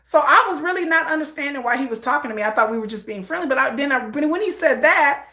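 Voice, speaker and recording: A woman vlogger telling a story in a chatty, animated way with lots of fillers. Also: high-pitched, quick pace, few pauses, echoey room. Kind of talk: casual storytelling.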